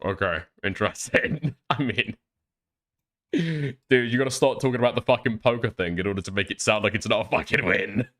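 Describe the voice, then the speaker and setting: A man's voice: on the low side, a little fast, fairly bright tone. A man streaming reaction commentary on clips, talking in a profane and incredulous way.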